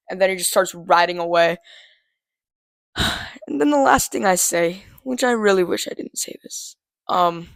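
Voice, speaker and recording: A man's voice: high voice, fairly bright tone, smooth, no echo. A teenage boy casually telling a story to the camera, rambling with lots of "um" and "like" and laughing at himself. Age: teens.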